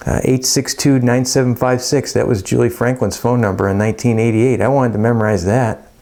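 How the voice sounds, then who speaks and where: A man's voice: mid-range voice, a little mellow. A middle-aged man teaching a chemistry lesson in a casual, folksy, rambling way, with jokey asides. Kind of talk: casual lecture.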